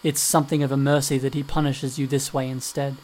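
A cold, calculating male hacker, voiced by a man in an audiobook reading. His speech is flat and dismissive, barely moving in pitch, and his tone stays clipped and unmoved. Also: a little fast, close to an everyday voice.

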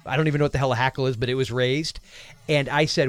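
A man's voice: medium pitch, steady tone, quick pace, dry recording. A man hosting a podcast, chatting casually and rambling with jokes as he thinks aloud. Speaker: podcast host. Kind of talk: casual chat.

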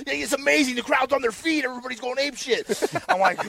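Man, high voice, casual profane storytelling, laughter around him. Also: fast talker, vocal fry, hardly any pauses, a loud crowd. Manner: profane, laughing, acts out quotes. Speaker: storyteller guest.

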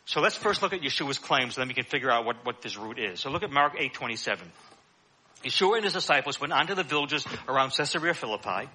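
A man's voice: mid-range voice, animated, fast, bright, forceful tone, slightly rough. A man preaching a sermon in a conversational teaching manner, with frequent "uh" fillers.

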